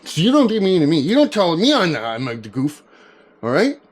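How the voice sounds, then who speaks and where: A high-pitched older man with a twang rants crudely to his viewers, joking and swearing. His tone flips between mock outrage and laughter. The delivery is rambling and loose. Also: wildly swooping pitch, normal speed. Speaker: vlogger. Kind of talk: rambling comedic rant to camera.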